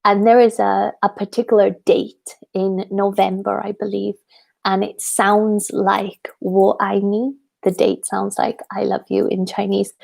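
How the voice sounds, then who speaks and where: A woman's voice: mid-range voice, level tone, measured pace, vocal fry, a little mellow. A young Welsh woman, an English teacher, chatting casually with her viewers in a live question-and-answer session, with frequent ums and light laughter. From Wales. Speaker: English teacher and channel host.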